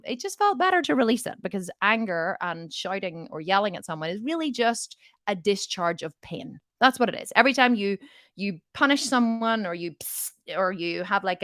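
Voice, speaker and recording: A woman's voice: medium pitch, bright, forceful tone, dry recording, studio quality. A woman coaching on mindset in a casual, frank way, telling stories and acting out both sides of conversations.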